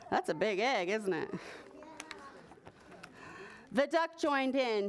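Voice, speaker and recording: A woman's voice: medium pitch, slow, long pauses. A woman librarian reading a picture book aloud to preschoolers in a library, asking them questions. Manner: animated, asks children questions. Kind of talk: preschool story time reading. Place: library story room.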